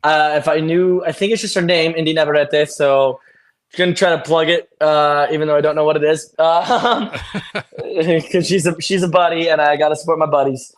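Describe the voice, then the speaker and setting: A young man, an actor as guest, talking in an animated, storytelling way on a video call. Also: a little high, normal speed. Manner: animated storytelling, acts out friends' voices. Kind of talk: casual video-call interview.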